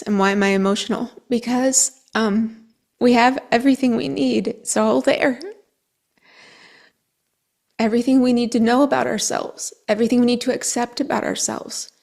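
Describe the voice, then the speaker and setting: A woman astrologer speaking to her viewers in an earnest, emotional monologue that sometimes drops to a soft whisper. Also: on the high side, vocal fry. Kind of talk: reflective monologue to camera.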